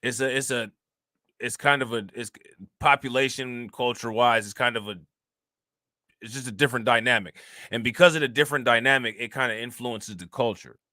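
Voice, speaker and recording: A man from Northeast Ohio with a flat Midwestern accent, hosting a casual livestream and rambling to his chat in slangy, loose talk. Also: medium pitch, a little fast, no room sound, studio quality. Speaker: livestream host.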